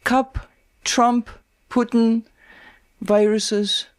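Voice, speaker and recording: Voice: mid-range voice, little pitch movement, very slow, smooth. A participant at a retreat speaking in a group discussion, explaining an idea thoughtfully with some restarts.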